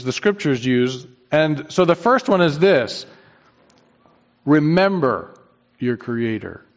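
A man preaching a sermon, earnest and emphatic, repeating his key phrases for weight. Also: medium pitch. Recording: dull sound with long hall reverb.

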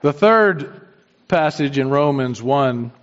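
A man's voice: mid-range voice, expressive, slow. A man preaching a sermon, earnest and emphatic, repeating his key phrases for weight. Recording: dull sound with long hall reverb.

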